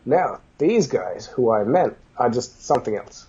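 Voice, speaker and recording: A man telling business stories in a casual interview, animated, acting out the dialogue as he goes. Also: medium pitch, measured pace, breathy edge, dull audio. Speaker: business guest.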